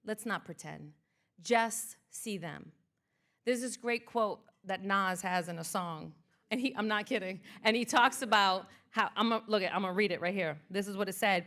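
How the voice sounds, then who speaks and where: A woman, a motivational speaker, reciting a slow, emphatic spoken-word piece and then leading a live audience through a participation exercise at a museum event. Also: medium pitch. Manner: slow, emphatic poetic delivery, then lively and playful with the crowd.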